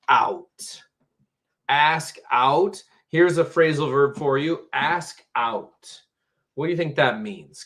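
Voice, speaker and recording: A man teaching English phrasal verbs on a live stream, patient and slow, repeating words for learners. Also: mid-range voice, fairly bright tone. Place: home, Tampa area.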